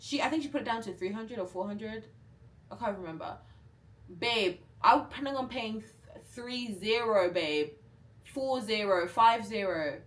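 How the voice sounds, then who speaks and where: A woman's voice: a little high, moderate pace. Chatty young woman telling a story. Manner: chatty, animated storytelling, filler "like" throughout. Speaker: vlogger. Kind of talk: casual storytime.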